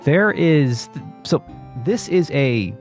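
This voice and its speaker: A man co-hosting a casual podcast about a video game, relaxed and a little hesitant, often repeating words as he thinks. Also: fairly high pitch, slow pace, soft background music. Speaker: podcast co-host.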